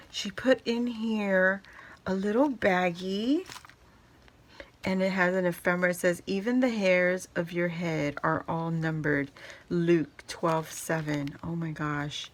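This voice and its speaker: A woman's voice: on the low side, steady tone, slow, a little hiss or hum. A woman vlogger chatting through a craft unboxing, gushing and exclaiming, often swooping up into squeals. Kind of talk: excited unboxing chat.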